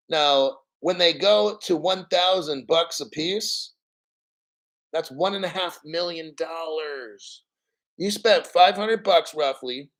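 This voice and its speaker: A man's voice: fairly high pitch, fairly bright tone. A man hosting a crypto channel in casual livestream chat, blunt, profane and rambling.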